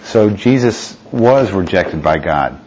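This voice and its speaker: Low-voiced man preaching a sermon. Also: expressive, slow pace, darkish tone, highs cut off, a little hiss or hum. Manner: reads scripture aloud, asks rhetorical questions.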